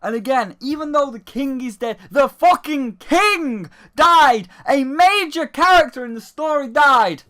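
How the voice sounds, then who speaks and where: A man's voice: extremely high pitch, expressive, unhurried, hardly any pauses, fairly bright tone. A man ranting sarcastically and profanely in a game review.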